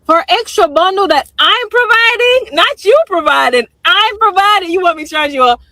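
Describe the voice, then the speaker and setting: A woman's voice: very high voice, lively intonation, moderate pace, sharp tone, no room sound, low-quality recording. A woman telling viewers an indignant story and acting out both sides of the conversation. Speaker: storyteller recounting a salon visit.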